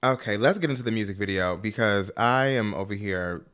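Animated, chatty young man reacting to music. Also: fairly low pitch, a little fast, clear, resonant tone. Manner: chatty and emotional, swings from reflective to excited squeals. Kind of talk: album reaction commentary. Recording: faint music playing behind.

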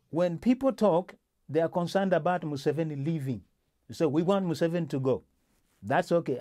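A man's voice: a little high, dark tone. A male host in a casual political discussion, talking with many restarts and fillers.

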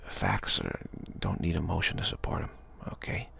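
A man giving a rambling, gentle spiritual talk, full of repeated phrases and "you know.". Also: deep voice, big pitch swings, normal speed, vocal fry, in a whisper. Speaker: spiritual speaker.

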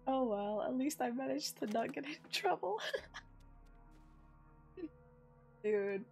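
A young woman streamer with a hoarse, sick voice, chatting casually and swearing as she plays. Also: sits high, expressive, slow, darkish tone, faint music behind. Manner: chatty, swears freely, thinks aloud. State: hoarse from sickness and morning voice. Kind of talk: casual gameplay commentary.

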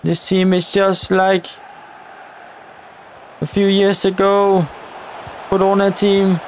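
A man giving excited live commentary on his own football video game career mode, often exclaiming at chances and shouting at the players. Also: high-pitched, slow pace, slight background noise. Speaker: gaming YouTuber.

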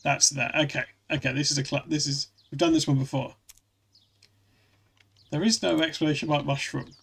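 Guy streaming, gravelly slightly high voice, rambly, keeps restarting sentences. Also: fairly even intonation, normal speed, fairly bright tone. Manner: rambling, restarts often, reads chat aloud. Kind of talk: casual live-stream chat.

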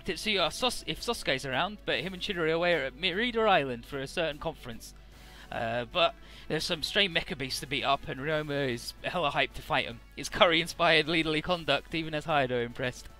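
A man's voice: on the high side, fairly quick, hardly any pauses, sharp tone, soft background music. A man casually recapping a game's story, chatty, with many filler words and the odd swear. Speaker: let's play narrator.

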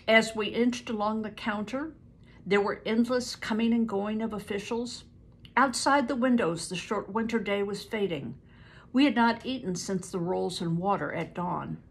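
An older woman reading a book aloud to family, pausing to explain words and stumbling over hard names. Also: mid-range voice, creaky, breathy edge. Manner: stops to explain words and events.

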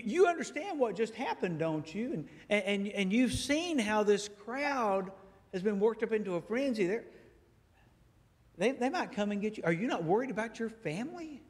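A man putting on Pilate, shrill and excitable. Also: normal speed. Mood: incredulous. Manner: loud, exclaiming, high-pitched put-on voice. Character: eager, scheming male Roman governor. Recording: echoey church hall.

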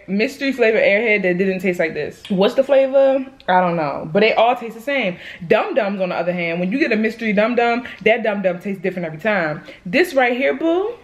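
A woman in her twenties chatting sassily to viewers in a casual food vlog. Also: mid-range voice. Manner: sassy, chatty, addresses viewers as y'all and boo. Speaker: vlogger.

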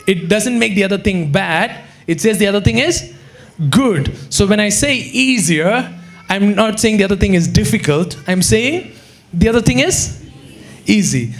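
A man preaching a sermon with an Indian English accent, animated, acting out quotes and breaking into sudden shouts. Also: sits high. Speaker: pastor. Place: church hall.

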